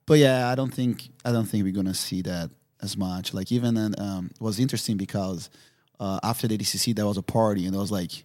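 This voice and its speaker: Telling casual stories as a guest on a podcast, a man from Brazil talks in English with a voice pitched a bit low. He laughs easily, stays animated, and keeps filling his lines with "you know what I mean."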